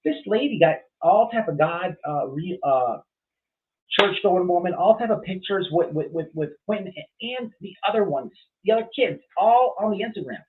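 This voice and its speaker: This livestream host has a high, expressive voice and speaks at normal speed. He riffs on chat bluntly and profanely, full of fillers and false starts, and the recording sounds tinny, as if through a phone.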